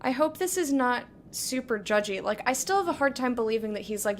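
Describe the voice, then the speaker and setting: Animated and fairly quick, her voice runs on the high side, with slight hiss or hum behind it. This young woman is playing a game for the first time, giving chatty commentary, restarting her thoughts and joking at her own expense.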